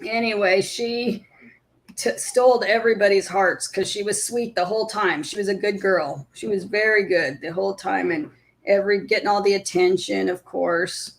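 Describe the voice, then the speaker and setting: A woman's voice: medium pitch, steady tone, normal speed, creaky. A woman hosting a casual live stream, chatting with viewers and cooing at her puppy.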